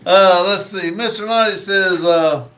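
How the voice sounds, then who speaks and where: Slow-drawling man with a high voice. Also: fairly bright tone. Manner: slow drawl, unhurried, joking, with frequent "uh" pauses. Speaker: livestream host. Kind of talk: casual livestream chat, reading viewer comments aloud. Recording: roomy echo.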